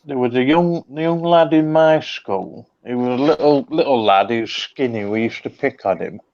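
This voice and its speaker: A man's voice: mid-range voice, normal speed, darkish tone. A man, chatting casually and laughing as he tells anecdotes. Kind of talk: casual chat. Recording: dull lo-fi sound.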